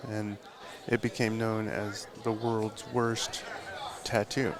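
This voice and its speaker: Speaking slowly in a low, flat voice with hardly any pauses, a tattoo artist tells a long, rambling story during a live podcast interview at a tattoo convention, dropping lots of fillers and swearing. The live event's crowd chatter is loud.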